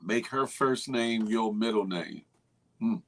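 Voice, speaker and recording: A man's voice: on the low side, animated, takes it slowly, creaky. A man hosting a morning show, chatting casually and teasing viewers with slang and laughter. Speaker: morning show host reading viewer comments. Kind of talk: casual chat.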